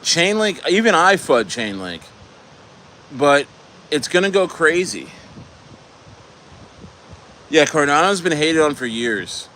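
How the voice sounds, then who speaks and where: A man's voice: on the high side, very animated, takes it slowly, pauses often, bright, forceful tone, a little hiss or hum. Rambling man from New Jersey. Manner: rambling, many restarts. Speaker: livestream host. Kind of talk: casual chat.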